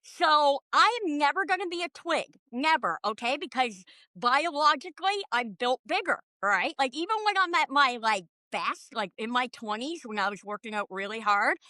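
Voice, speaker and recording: A middle-aged woman talking on a podcast in animated, profane, self-mocking rants. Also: sits high, normal speed, no echo. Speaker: podcast guest. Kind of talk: casual podcast conversation.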